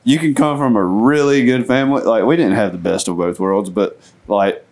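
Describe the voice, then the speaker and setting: A man's voice: on the low side, normal speed, darkish tone. A man chatting on a podcast in a rambling, reflective way. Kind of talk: casual chat.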